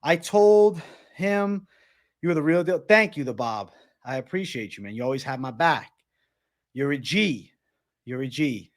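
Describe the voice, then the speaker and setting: A man hosting a live stream, talking casually and loudly to his viewers, swearing a lot while he shadowboxes and gets out of breath. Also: fairly high pitch. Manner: hyped, profane, shouting out viewers.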